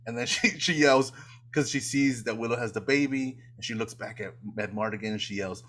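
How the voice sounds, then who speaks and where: A man's voice: mid-range voice, brisk, fairly bright tone, slight background noise. A man co-hosting a casual podcast, rambling through a film retelling with frequent laughs. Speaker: podcast co-host. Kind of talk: casual rewatch chat.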